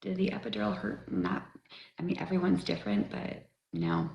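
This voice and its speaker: A middle-aged woman livestreaming, chatting and rambling as she tells a personal story, swearing freely and often dropping to a breathy near-whisper. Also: fairly low pitch, very animated, moderate pace, dull audio. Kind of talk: casual storytelling to viewers. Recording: echoey room with faint noise.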